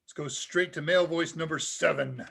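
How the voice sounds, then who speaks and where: A man hosting a live tech Q&A, talking casually and chuckling as he demonstrates software. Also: fairly high pitch, steady tone, normal speed, creaky, breathy edge. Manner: casual and upbeat, chuckles often. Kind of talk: live demo talk.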